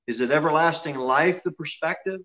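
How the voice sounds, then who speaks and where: In a church sanctuary, a pastor gives an expository sermon, going low and quiet on solemn lines and getting loud when he wants emphasis. His pace is brisk and the sound quality is lo-fi.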